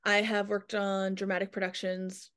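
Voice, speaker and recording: A woman's voice: mid-range voice, monotone, normal speed, a bit bright, clean tone. A woman hosting a podcast in a casual, chatty way, joking at her own expense. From Alberta, Canada. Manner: chatty, self-deprecating, emotional at times. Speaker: podcast host.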